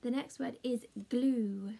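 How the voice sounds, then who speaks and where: A woman teaching a children's phonics lesson in a slow, sing-song, encouraging way, chatting with a puppet. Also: fairly high pitch, vocal fry, mellow, breathy edge. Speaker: primary school teacher.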